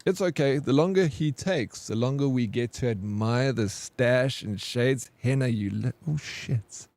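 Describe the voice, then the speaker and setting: A man with a mid-range, slightly slow and mellow voice streams a game and chats casually with viewers, teasing them back in playful banter and reading chat aloud. There's no room sound.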